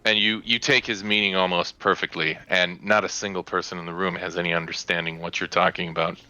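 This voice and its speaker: A man's voice: low-pitched, little pitch movement, brisk, pushed and bright, low-quality recording. A man narrating a tabletop game as game master, rambling with many fillers.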